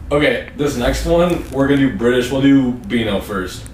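A man's voice: lively intonation, normal speed, a little mellow. Wry man hosting a podcast, roomy sound. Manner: low-key, wry, laughing. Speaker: podcast host. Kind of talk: casual chat. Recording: echoey room with background noise.

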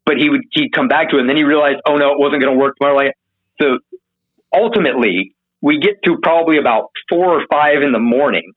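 Animated storytelling man on a tinny line. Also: fast. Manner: animated, profane, acts out quotes in a higher voice. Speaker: interview guest. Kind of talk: casual storytelling.

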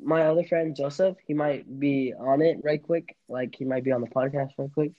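A man's voice: medium pitch, fairly even intonation, normal speed, lo-fi sound. Rambling young man on a podcast. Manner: rambling, restarts and laughs often. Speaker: podcast host. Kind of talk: casual chat.

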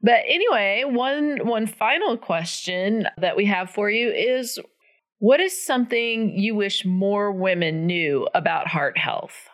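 A woman's voice: medium pitch, expressive, slow pace. A woman hosting a podcast interview who reacts briefly and asks her guest questions. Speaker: podcast host.

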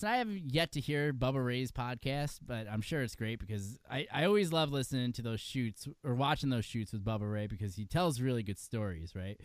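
A man's voice: medium pitch, dry recording. A man co-hosting a podcast in casual chat, talking in a rambling way with many fillers and laughs. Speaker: podcast co-host.

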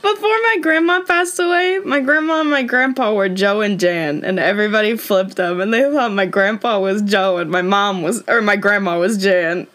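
A woman in casual conversation, reviewing a movie as a podcast co-host, chatty and quick to laugh. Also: mid-range voice, fairly bright tone. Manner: chatty, laughs often, trails off.

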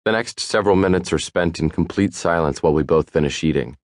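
A man narrating a first-person audiobook in a wry, even storytelling manner. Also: deep voice, fast talker, no room sound, studio quality.

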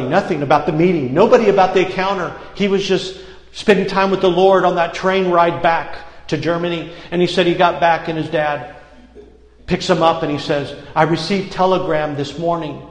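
A man with a high, bright voice preaches in a church hall, telling a story with lively acted-out quotes and calling for amens. His voice rings through the room and trails off in a long echo. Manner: animated, acts out quotes, calls for amens. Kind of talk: sermon storytelling. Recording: echoey hall, long reverb.

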